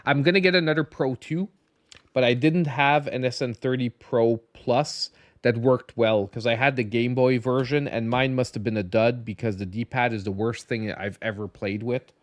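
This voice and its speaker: A man's voice: mid-range voice, fairly even intonation, moderate pace, dry recording, clean studio sound. A tired man hosting a casual gaming podcast, rambling with many restarts and a slight lisp. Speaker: podcast host. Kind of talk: casual late-night podcast chat.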